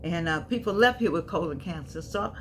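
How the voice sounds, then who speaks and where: A woman's voice: on the low side, expressive, a little fast, a little hiss or hum. A woman in her seventies telling her own life story to viewers, emphatic, repeating phrases and calling them honey and baby. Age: 70s. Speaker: vlogger. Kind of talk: personal storytelling to camera.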